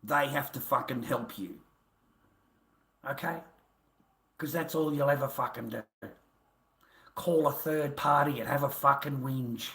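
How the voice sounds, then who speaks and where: A man's voice: medium pitch, measured pace, gravelly, pauses often, pushed and bright. An Australian man ranting on his livestream in a taunting, repetitive way, full of swearing. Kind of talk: profane livestream rant. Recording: roomy echo.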